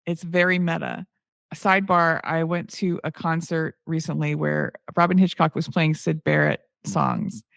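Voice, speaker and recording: A woman's voice: low-pitched, fairly even intonation, normal speed, creaky, dry recording, clean studio sound. A woman co-hosting a podcast in casual chat, telling stories and acting out what people said. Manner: storytelling, acts out quoted people. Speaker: podcast co-host.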